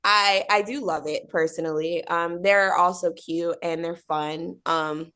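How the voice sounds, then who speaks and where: A woman's voice: lowish voice, fairly even intonation, unhurried, bright, forceful tone, clear, resonant tone. A young woman answering interview questions in a bubbly, chatty way, with many fillers and acted-out quotes. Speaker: actor being interviewed.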